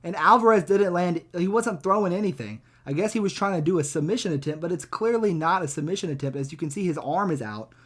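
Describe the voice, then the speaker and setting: A man's voice: high-pitched, fast, few pauses, a bit bright. A young man casually hosting a reaction video, talking bluntly with lots of swearing and rambling asides. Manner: blunt, profane, rambling, chuckling.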